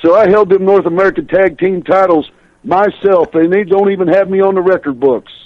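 An older man spinning chatty stories as a radio guest, laughing as he goes. His voice sits a little high for a man. The line sounds dull and muffled, dry and close. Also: fairly quick, dry recording. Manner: chatty storyteller, laughs through his tales. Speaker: guest, professional wrestler. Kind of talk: radio interview storytelling.

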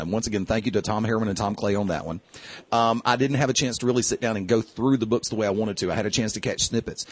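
A chatty man hosts a casual interview, his voice husky and a little breathy. The sound is dry and close, with no room around it. He rambles through long asides and laughs easily. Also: medium pitch, dry recording. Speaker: podcast host.

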